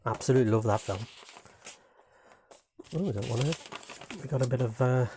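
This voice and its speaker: A man's voice: medium pitch, brisk, dark tone, a little hiss or hum. Rambling, enthusiastic British man. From Britain. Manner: enthusiastic, rambling, says "man" and "you know what I mean". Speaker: home movie reviewer. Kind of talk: casual video review.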